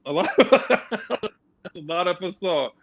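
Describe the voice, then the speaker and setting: A man co-hosting a casual sports chat show, animated and laughing often. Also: sits high, slow pace, lo-fi sound. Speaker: co-host.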